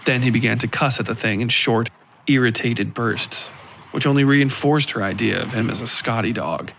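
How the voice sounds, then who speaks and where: A man reading a dark fiction story aloud in a measured narration style. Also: medium pitch, gravelly, a little hiss or hum. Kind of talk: scripted horror story narration.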